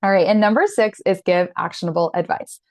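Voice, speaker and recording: A woman's voice: on the low side, a little fast, no room sound. A woman in her thirties teaching an online masterclass in an earnest, direct, encouraging way. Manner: earnest, direct, encouraging, with animated quoted asides.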